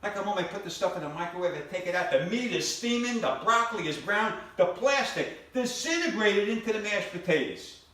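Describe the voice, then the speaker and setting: An older man tells his stand-up story in a deadpan way, repeating phrases as he builds to each punchline. His pitch swings widely. He is picked up from a distance in a very echoey room. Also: brisk, few pauses. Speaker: stand-up comedian. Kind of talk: stand-up comedy routine. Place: comedy club stage before a live audience.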